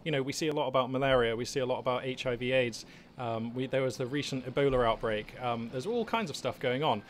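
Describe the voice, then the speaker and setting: A man's voice: mid-range voice, quick pace, a little hiss or hum. A man chats to his channel from a small hobby room at home, recorded on a simple webcam setup. His voice sits in a mid register, and he talks in a loose, unscripted way, wandering through thoughts with plenty of ums, uhs and false starts. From England. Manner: rambling, many fillers and restarts, chatty. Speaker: gaming channel host. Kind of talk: casual unscripted monologue.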